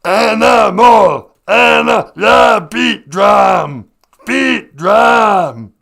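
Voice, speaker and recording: A co-host on a comedy live stream doing a puppet monster impression, a gravelly, growling male creature who shouts slow, drawn-out grunts about cookies. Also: mid-range voice, lively intonation, full character voice. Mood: wild.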